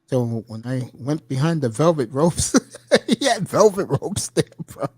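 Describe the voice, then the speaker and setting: A man's voice: medium pitch, sing-song, a little slow, darkish tone, slightly rough, dry recording. A middle-aged man telling stories casually, mimicking people and laughing often. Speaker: podcast host. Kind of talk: casual storytelling chat.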